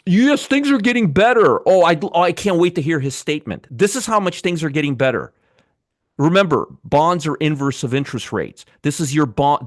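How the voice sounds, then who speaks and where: A man's voice: on the high side, no room sound, studio quality. Sarcastic man on live market commentary. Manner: banters with live chat viewers; blunt, swears freely. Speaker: trading show host.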